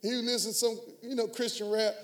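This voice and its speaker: A man's voice: very high voice, flat delivery, fast talker, fairly bright tone. A middle-aged man, preaching a sermon as pastor with emphatic call-and-response. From Houston area, US.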